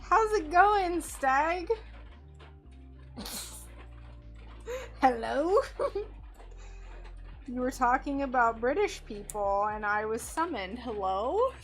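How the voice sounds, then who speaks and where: A woman's voice: high-pitched, lively intonation, takes it slowly, long pauses, fairly bright tone, faint music behind. A woman chatting casually with viewers on a stained glass craft livestream, reacting to messages with a giggly, chatty manner from her workspace. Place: home craft workspace under bright lights.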